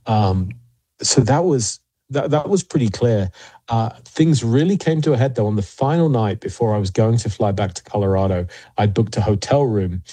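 Man, low voice, warm dark tone, husky, dry close sound, measured storytelling. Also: dry recording. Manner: measured, many fillers and restarts. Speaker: paranormal investigator guest. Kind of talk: interview storytelling.

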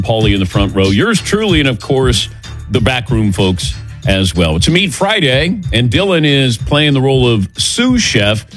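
A man's voice: medium pitch, sing-song, normal speed, a bit bright, soft background music. A man hosting a sports radio talk show, joking loosely and tossing to his crew by name. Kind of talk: casual radio show chat. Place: radio studio. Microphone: studio microphone.

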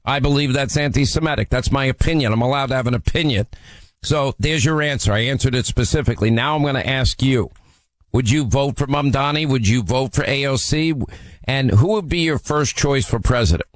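A man's voice: mid-range voice, brisk, no echo. A man hosting a call-in radio talk show, needling and mocking a caller in a brusque way.

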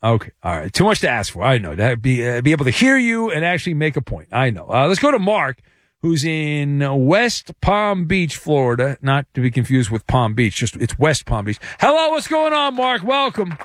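A male talk-radio host with a lively, bouncing delivery that swings up when he gets exasperated with callers. His voice sounds dry and close to the mic. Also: a little high, normal speed, no echo. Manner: animated, exasperated teasing.

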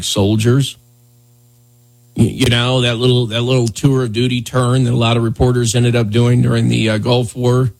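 A man hosting a morning radio show, talking casually and sarcastically with lots of fillers. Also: medium pitch. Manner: loose, sarcastic, rambling with fillers. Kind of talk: casual talk radio commentary.

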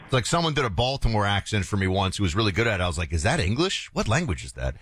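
Lively-voiced radio talk host. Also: male voice, fairly low pitch, very fast, a little hiss or hum. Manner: loose, chatty, playful.

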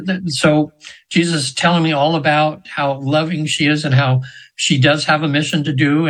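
This seventy-something guest hypnotherapist has a voice on the high side, fairly bright and slightly rough, captured on a low-quality recording. In the interview he tells casual stories earnestly, rambling with frequent fillers and restarts.

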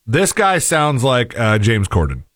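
A man's voice: medium pitch, wildly swooping pitch, measured pace, fairly bright tone, no echo, clean studio sound. A man from the United States co-hosting a casual talk show, rambling and hesitant with many fillers. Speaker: podcast co-host.

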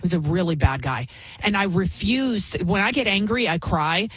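Indignant woman host, husky voice. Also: on the low side, expressive, moderate pace, no room sound, low-quality recording. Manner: indignant, emphatic, repeats words for emphasis. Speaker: talk show host. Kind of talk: opinionated commentary.

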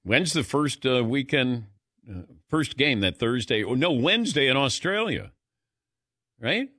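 A middle-aged man hosting a sports talk show, chatty and quick to laugh as he calls on his co-hosts. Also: medium pitch, sing-song, pushed and bright, dry recording, clean studio sound. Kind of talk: casual studio banter.

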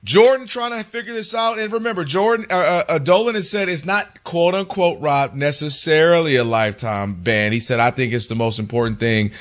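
A man co-hosting a casual sports talk show, recounting stories in a conversational, animated way. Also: fairly high pitch, brisk, few pauses. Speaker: co-host.

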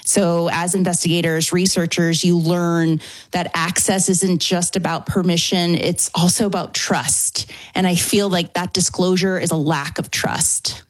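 A woman's voice: fairly low pitch, fairly even intonation, unhurried, no echo. A woman from New Orleans with a New Orleans accent, a paranormal investigator answering questions as a radio guest in an articulate, easygoing way.

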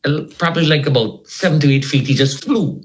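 A man as an interview guest, telling a personal story in an animated way and acting out the voices of the people in it. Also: a little high, brisk, low-quality recording.

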